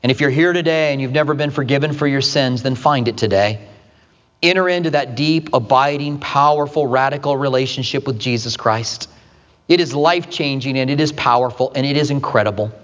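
A man's voice: fairly quick, a bit bright, in a large hall. A male pastor delivering a sermon, telling the story dramatically with acted quotes. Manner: dramatic retelling with acted quotes, shifting pitch widely.

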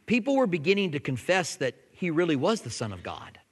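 A man pastor preaching a sermon in a conversational way, at times dropping to soft, intense tones. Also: fairly high pitch, huge pitch swings, brisk, long reverb tail.

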